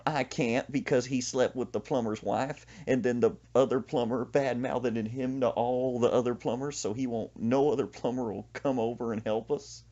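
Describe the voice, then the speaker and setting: A man's voice: mid-range voice, fairly even intonation, normal speed, hardly any pauses, mellow, lo-fi sound, lightly acted. A man voicing a rural young woman complaining in a plainspoken drawl.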